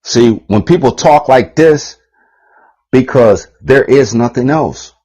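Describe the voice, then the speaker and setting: A man's voice: medium pitch, takes it slowly, warm tone, poor audio. A man giving a rambling, heated, profane monologue on his channel, repeating himself and swearing often. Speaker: channel host.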